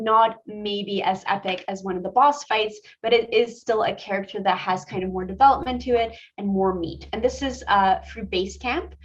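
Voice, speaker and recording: A woman's voice: medium pitch, dull audio. A woman concept artist giving a chatty presentation talk about her slides, full of asides and fillers.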